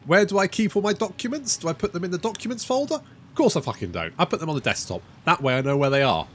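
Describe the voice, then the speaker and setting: A gaming YouTuber rambles through casual let's-play commentary on a strategy game, swearing freely and making fun of himself. His voice sits high with big pitch swings, he talks fast, and there's a little hiss or hum in the audio.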